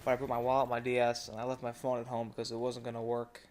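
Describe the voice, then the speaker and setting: A young man tells his viewers a travel story in a loose, rambling way, swearing freely and filling pauses with fillers. His voice is mid-pitched and stays fairly flat. A faint noise sits under the recording. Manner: profane, rambling, frequent fillers. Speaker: vlogger. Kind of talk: casual storytelling rant.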